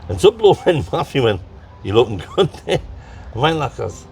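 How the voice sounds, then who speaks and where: A man with a Tyneside accent telling stories as an interview guest in a lively, laughing way, acting out what people said. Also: mid-range voice, normal speed, creaky, recorded from a distance, slight background noise. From North East England. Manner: lively, laughs through his stories, acts out quotes. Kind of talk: casual storytelling chat.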